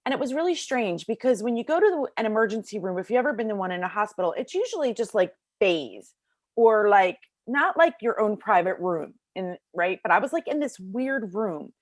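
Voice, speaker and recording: A middle-aged woman telling a personal story as an interview guest in a casual, animated way, acting out the voices of people in it, recorded in a bedroom at home. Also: mid-range voice, a little fast, no room sound, clean studio sound. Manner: casual, lots of fillers like "like".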